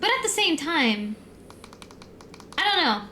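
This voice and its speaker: A young American woman talks through a casual stream in a high voice. She rambles, laughs easily and piles up fillers. A faint hiss sits under the voice. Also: big pitch swings, slow pace, bright, forceful tone. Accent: neutral American. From United States.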